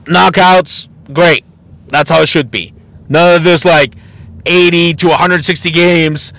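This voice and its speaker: A man's voice: on the high side, fairly even intonation, unhurried, fairly bright tone. A man hosting a casual solo podcast, ranting bluntly and mockingly with plenty of swearing. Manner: mocking and exasperated. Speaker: podcast host.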